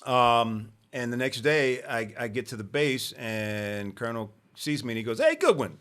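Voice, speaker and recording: A man from Omaha spins lively stories in a bright, forceful voice at a middle pitch. He is a podcast guest who often slips into other people's lines as he goes. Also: measured pace, clean tone. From Omaha, Nebraska. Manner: animated anecdote-telling, acting out other people's lines. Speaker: podcast guest, actor and comedian. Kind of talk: casual storytelling.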